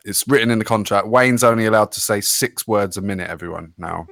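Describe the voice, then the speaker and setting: A man co-hosting a casual podcast, sweary and mock-boastful with a deadpan edge. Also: lowish voice, a little fast, creaky, dry recording, clean studio sound. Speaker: podcast co-host. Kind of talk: casual banter.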